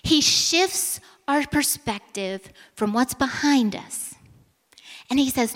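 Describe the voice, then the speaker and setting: A woman preaching a sermon and telling a story, acting out the dialogue and dropping to a hush for emphasis. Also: high-pitched, expressive, takes it slowly, long reverb tail.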